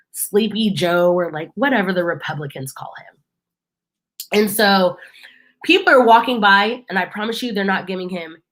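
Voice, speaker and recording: A woman talking straight to her camera mic in loose, casual vlog chat. She rambles through a story with plenty of fillers. Her voice sits at an ordinary middle pitch. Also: fairly bright tone. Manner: chatty storytelling, full of fillers. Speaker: vlogger.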